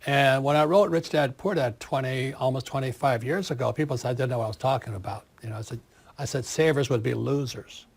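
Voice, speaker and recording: A man in his seventies, an author giving an interview, talking in an animated, forceful way and repeating words for emphasis. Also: medium pitch, fairly quick, creaky, husky. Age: 70s.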